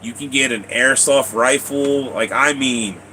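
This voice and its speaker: A man's voice: medium pitch, measured pace, bright, forceful tone, a little hiss or hum, poor audio. A man live streaming, telling long rambling stories to his chat, repeating himself, laughing and swearing casually.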